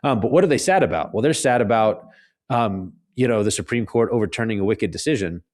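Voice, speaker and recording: A man, a guest author, talking earnestly in an interview, animated and often restarting his sentences. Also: lowish voice, brisk. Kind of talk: conversational interview.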